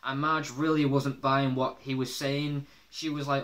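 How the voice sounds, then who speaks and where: Bright-voiced man rambling through a review. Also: mid-range voice, little pitch movement, measured pace. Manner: rambling, laughs often, many fillers. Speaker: episode reviewer. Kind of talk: casual spoken review.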